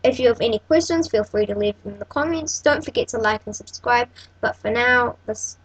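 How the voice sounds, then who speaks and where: A woman's voice: on the high side, fairly quick, slightly rough, rough recording. A woman hosting a casual coding tutorial, thinking aloud and correcting herself as she works. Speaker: tutorial host.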